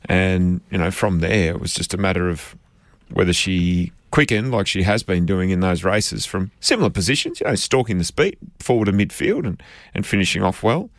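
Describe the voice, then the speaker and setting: A man co-hosting a racing radio show, offering relaxed, agreeable analysis. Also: low voice, normal speed, dry recording, clean studio sound. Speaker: radio co-host. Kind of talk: racing talk chat.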